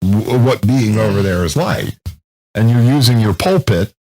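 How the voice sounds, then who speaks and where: A man in his thirties chats on a podcast with a husky, slightly rough voice. His pitch swings widely as he tells animated, profane stories. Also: moderate pace, poor audio. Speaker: co-host. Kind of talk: casual podcast chat.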